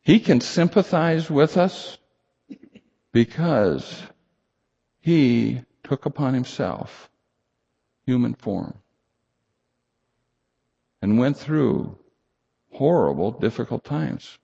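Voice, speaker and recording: A man preaching a sermon to a congregation, emphatic and animated, rising high for emphasis and dropping low and quiet. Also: extremely slow, creaky, pauses often, husky. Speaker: pastor. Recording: lo-fi recording in a reverberant hall.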